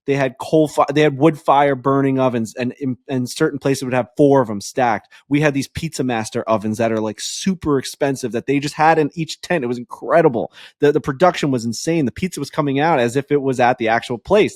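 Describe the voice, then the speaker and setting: Excitable man telling a story, dry mic. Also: medium pitch, a little fast, hardly any pauses, no room sound. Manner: excitable storyteller, swears freely. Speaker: podcast co-host. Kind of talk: casual chat.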